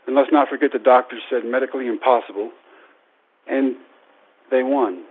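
A man in his thirties telling a personal story in a speech, self-deprecating and animated. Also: medium pitch, moderate pace, long pauses. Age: 30s. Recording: tinny phone-like radio sound.

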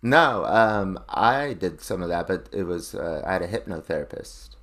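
Brief: man, low-pitched voice, loose rambling talker who swears a lot, casual podcast chat. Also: expressive, moderate pace, fairly bright tone. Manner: rambling, lots of filler "like", profane.

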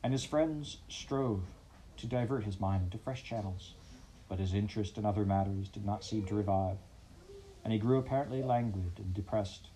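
Male audiobook narrator, measured storybook reading, low voice, dark mellow tone. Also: a little hiss or hum, low-quality recording.

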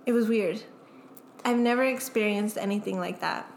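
A woman's voice: medium pitch, normal speed, creaky, slight background noise. A young adult woman in casual chat, speaking loosely with slang and fillers.

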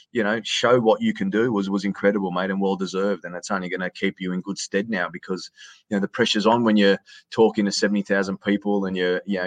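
Chatty Australian man, deep. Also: no room sound. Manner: warm, says mate often, repeats words. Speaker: guest, sports announcer. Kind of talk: casual conversation over a call. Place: hotel quarantine room.

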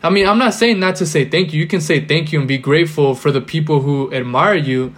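A young man, a podcast guest or co-host, rambles through casual chat with lots of filler words and loose slang. His voice is a little high and a bit bright, with a brisk pace.

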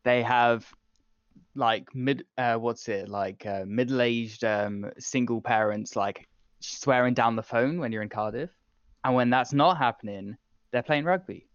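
A young man from England in casual podcast chat, hesitant and halting with many fillers. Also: medium pitch, dry recording, highs cut off. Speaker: podcast co-host.

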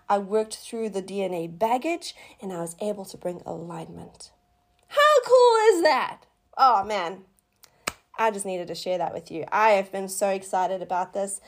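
Middle-aged woman host, higher-pitched voice, excitable devotional chat, animated exclamations. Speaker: faith podcast host. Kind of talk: casual testimony and devotional talk.

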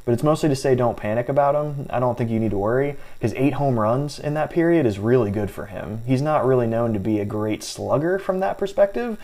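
A man in casual sports talk, reeling off numbers and player takes in a measured, hedging way. He restarts his sentences often and keeps an easygoing, conversational flow at a middling pitch. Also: expressive, dark tone. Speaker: fantasy baseball podcast co-host. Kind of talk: casual analytical sports chat.

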